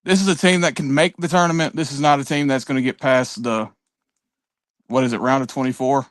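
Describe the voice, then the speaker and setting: A man co-hosting a sports talk show, laying out his points in a measured, plain way. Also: medium pitch, steady tone, no room sound, studio quality. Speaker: co-host. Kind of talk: casual sports analysis.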